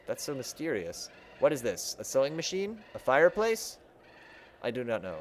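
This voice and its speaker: A man's voice: medium pitch, big pitch swings, moderate pace, slight background noise. A young man giving casual let's-play commentary at a desk mic, thinking aloud and joking at his own choices. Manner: chatty, thinking aloud, self-mocking. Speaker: game streamer. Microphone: desk microphone.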